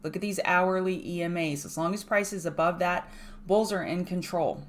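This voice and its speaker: A woman with a slightly low voice hosts a live market prep stream. She talks briskly and emphatically, repeats her key points for weight, and drops chatty asides to her viewers as she moves through each chart. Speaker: trading show host.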